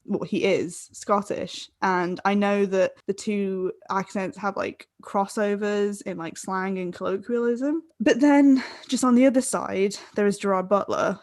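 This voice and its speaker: This is a woman talking into a desk mic, loose and a little tipsy, chatting in long rambling runs, laughing as she goes and swearing now and then. Her voice sits at a middle pitch and sounds dry and close, with no room in it. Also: dry recording. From Ireland. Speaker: podcast co-host. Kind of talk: casual tipsy chat. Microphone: desk microphone.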